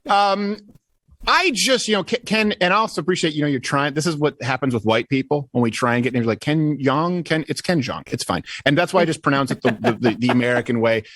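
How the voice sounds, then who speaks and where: A man's voice: on the high side, animated, brisk, fairly bright tone, no echo. A Canadian-raised man chatting as a guest commentator, sarcastic and full of restless restarts. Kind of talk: casual political chat.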